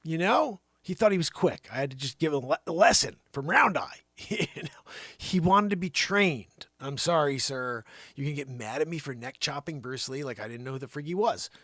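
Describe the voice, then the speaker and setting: A man hosting a show, doing an improvised comic monologue that swings from loud bursts to hushed asides. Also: fairly high pitch, animated, moderate pace, no room sound, studio quality. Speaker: comedy show host.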